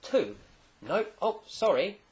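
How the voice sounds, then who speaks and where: A man casually recapping a comic chapter, rambling and animated, with jokey asides. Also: high voice, takes it slowly. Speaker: manga chapter reviewer.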